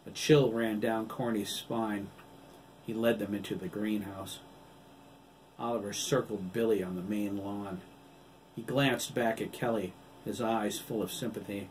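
Low-voiced man narrating a novel. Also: steady tone, measured pace. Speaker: author reading his own novel. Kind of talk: audiobook narration. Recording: distant mic with faint background noise.

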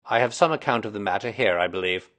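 A man's voice: fairly low pitch, quick pace, a bit bright, lightly acted. A man reading aloud voices a self-assured Victorian male detective explaining his deductions in a precise, lecturing way.

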